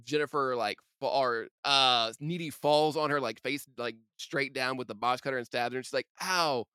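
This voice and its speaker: A woman's voice: very deep voice, steady tone, moderate pace, fairly bright tone. A woman hosting a casual podcast chat, laughing often and talking loosely.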